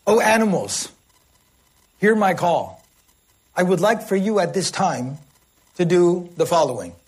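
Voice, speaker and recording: A man's voice: high-pitched, lively intonation, a little slow, husky, heavily acted. A man acting out a shepherd who makes a formal, grand speech to his herd, in a lesson. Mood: mock-grand. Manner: mock-formal and declaiming. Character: grown male shepherd making a grand speech to his animals.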